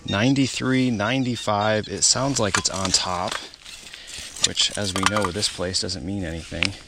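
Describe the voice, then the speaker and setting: A man with a slightly low voice hosts a casual metal detecting vlog from a lake beach. He explains his finds in an eager, teaching way. Background music runs clearly under his words. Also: fairly even intonation, moderate pace. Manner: explanatory, enthusiastic about finds. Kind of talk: casual outdoor vlog narration.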